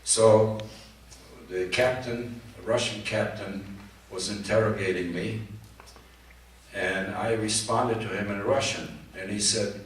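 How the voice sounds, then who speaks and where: An older man from Poland giving personal testimony to students, speaking haltingly and repeating words. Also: lowish voice, fairly even intonation. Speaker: Holocaust survivor speaker. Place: large hall at a community event. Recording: echoey hall from far off, faint noise.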